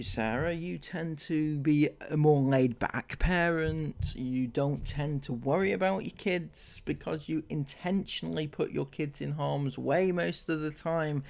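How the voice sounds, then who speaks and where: A man's voice: on the high side, creaky. A man hosting a commentary video, speaking sarcastically and mockingly straight to the person in the clip. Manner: mocking, sarcastic, addresses the vlogger directly. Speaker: commentary channel host. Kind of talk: sarcastic commentary over clips.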